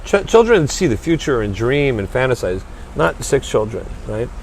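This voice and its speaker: A man's voice: medium pitch, very animated, moderate pace, a little hiss or hum. A man being interviewed as a guest, talking earnestly and emphatically, often repeating his first words as he starts a sentence. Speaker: restaurant owner and charity chairman, guest. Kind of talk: passionate interview talk.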